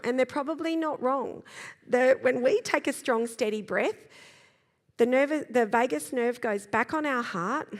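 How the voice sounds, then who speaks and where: A woman giving a live talk about children's behaviour, explaining in a lively way and acting out little examples. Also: high voice, measured pace. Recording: long hall reverb.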